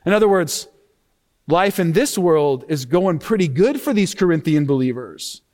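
A man preaching a sermon as pastor, lively and expressive, acting out tones when he quotes scripture. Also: on the high side, normal speed. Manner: animated preaching, acts out sarcastic tone when quoting scripture.

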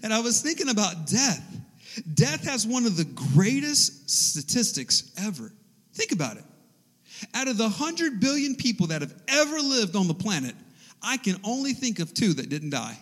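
Animated high-voiced male preacher. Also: normal speed. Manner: animated, conversational storyteller. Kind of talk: sermon with personal storytelling. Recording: echoey hall.

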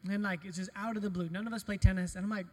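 A middle-aged man, a pastor, preaching a conversational sermon full of personal stories, animated and self-deprecating. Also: high voice, racing. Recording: long hall reverb.

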